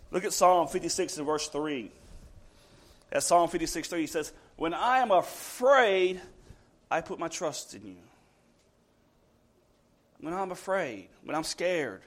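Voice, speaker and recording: A high-voiced man preaches a sermon in a church. He asks his congregation question after question. He rises to forceful emphasis and then drops to slow, quiet lines.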